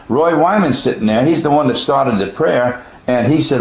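A man's voice: mid-range voice, brisk, few pauses. A man telling a personal testimony in plainspoken, folksy speech, earnest and emphatic, often restarting his words. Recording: dull echoey room recording.

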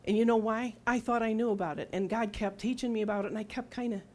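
A woman in her sixties preaches in a conversational testimony style, speaking fast in a fairly high voice that is steady yet darkish. She asks listeners questions and acts out quoted lines of her own words and God's.

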